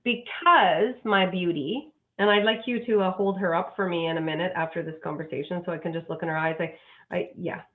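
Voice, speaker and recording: A woman's voice: fairly low pitch, fairly even intonation, a little fast. A woman, a dog psychic guest, talking earnestly and effusively with many restarts. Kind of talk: emotional interview talk. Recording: tinny phone line.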